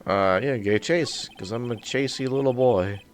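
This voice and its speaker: A man's voice: medium pitch, normal speed, faint music behind. Hesitant man playing a game on stream. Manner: hesitant, many ums and trailing thoughts. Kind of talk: casual chat.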